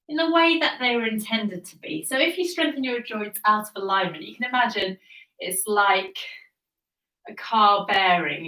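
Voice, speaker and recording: Calm and encouraging, a woman talks her class through Pilates with breath-counted cues, a little breathless as she goes. The bright, somewhat sharp mid-range voice is far from the mic, off-mic in a roomy space full of echo.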